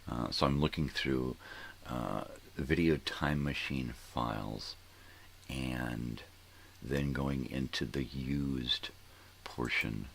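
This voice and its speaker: A man's voice: very deep voice, gravelly, a bit bright, a little hiss or hum. An older man hosting a casual morning show, rambling and thinking aloud, often trailing off into mumbles. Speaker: host.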